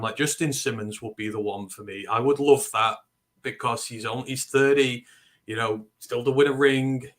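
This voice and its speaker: A man from northern England with a Northern English accent, co-hosting a casual sports talk stream, animated and opinionated. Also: mid-range voice. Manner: animated, opinionated, quick asides. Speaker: co-host.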